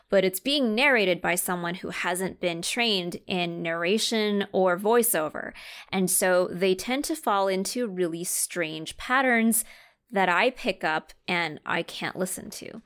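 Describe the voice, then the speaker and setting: A woman co-hosting a podcast in casual chat, telling stories in a lively, animated way. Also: mid-range voice. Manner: animated storyteller who acts out quoted voices. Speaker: podcast co-host.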